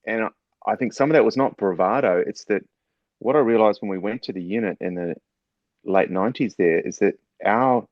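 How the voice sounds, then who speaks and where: A middle-aged man with a New Zealand accent, a guest telling stories in a relaxed, measured way with frequent fillers. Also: lowish voice, no room sound. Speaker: guest, former special forces officer turned doctor. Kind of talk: casual storytelling in conversation. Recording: slightly dull, muffled sound.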